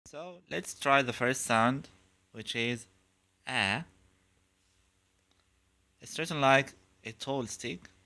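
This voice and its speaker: Guy teaching pronunciation, real slow, bright punchy voice, repeats sound pairs over and over. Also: mid-range voice. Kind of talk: slow, clear instructional lesson.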